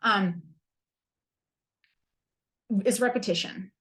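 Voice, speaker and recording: A woman's voice: medium pitch, drawn-out words, fairly bright tone. A woman hosting a self-help podcast, talking candidly and with humor, using playful slang. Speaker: podcast host.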